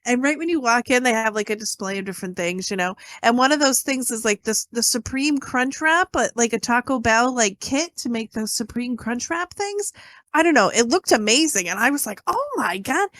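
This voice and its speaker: A woman's voice: a little high, expressive, fairly quick, fairly bright tone, dry recording. A woman co-hosting a casual podcast, telling a rambling story with lots of "like" and "you know". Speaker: podcast co-host. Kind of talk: casual chat.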